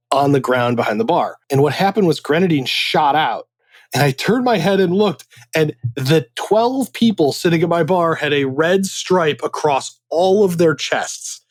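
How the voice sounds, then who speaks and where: A man hosting a casual drinks chat, telling stories in an animated way and laughing often. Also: fairly high pitch, dry recording. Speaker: host.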